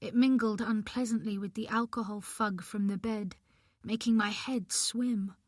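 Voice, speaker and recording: A woman's voice: mid-range voice, steady tone, a little slow, a little mellow, no echo, clean studio sound. A woman narrating a domestic thriller in the first person, with a tense, emotional delivery. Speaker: audiobook narrator.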